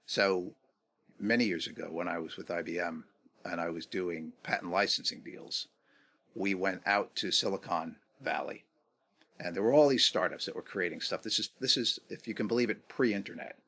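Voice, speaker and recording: A man in his fifties, a guest on a podcast interview, talking reflectively and acting out quoted dialogue with lively swings in pitch. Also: moderate pace. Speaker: guest, negotiation executive.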